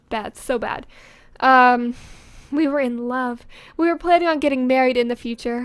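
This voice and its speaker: Teen girl vlogger, high voice, dry close mic, giggly and self-deprecating casual reading. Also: fairly even intonation, normal speed, clear, resonant tone, no echo. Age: teenager. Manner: self-mocking, giggly, drifting to quiet mutters. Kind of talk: casual reading aloud with asides. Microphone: studio condenser microphone.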